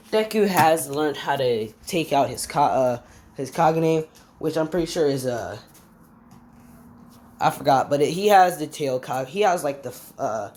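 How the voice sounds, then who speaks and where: A woman improvising a fan story out loud, rambling, stopping on fillers and forgetting names as she goes. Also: deep voice.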